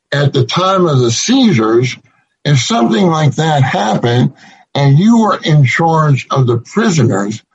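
A man delivers a sermon at an unhurried, measured pace, his voice slightly husky and pitched a little above the usual. The recording sounds dull and lo-fi. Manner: slow, deliberate preaching with emphatic repetition. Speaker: preacher.

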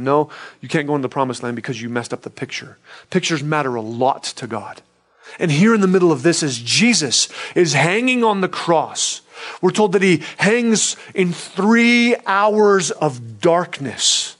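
A man's voice: high voice, lively intonation, normal speed, a bit bright. A pastor, a man, preaching an earnest sermon in a conversational way and often checking in with his listeners.

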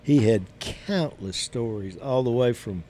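A man's voice: medium pitch, measured pace, warm tone. A man, a guest telling stories in an easygoing, rambling way. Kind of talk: casual storytelling chat.

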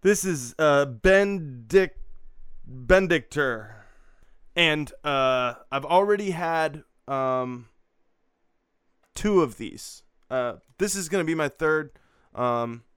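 A man's voice: on the high side, takes it slowly, long pauses, fairly bright tone, smooth, no echo. Profane rambling man, dry close sound. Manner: profane, rambling, frequent fillers. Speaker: beer-review show host. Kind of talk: crude casual morning vlog.

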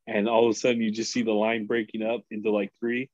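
Talking quickly with few pauses, a man with a voice on the low side tells old retail work stories as a podcast guest. He plays out the voices of the people involved and swears freely, and the lo-fi audio has no echo.

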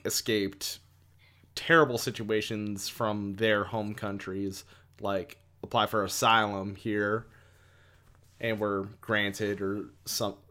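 A man's voice: on the low side, fairly bright tone. A man from Canada in casual podcast chat, easygoing and a little hesitant, often laughing. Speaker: podcast co-host.

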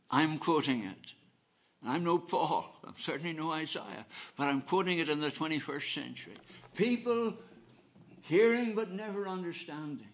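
Preaching in a slightly high voice, a man is earnest and emphatic throughout his sermon. Phrases come back again and again as his volume rises and falls between quiet and loud.

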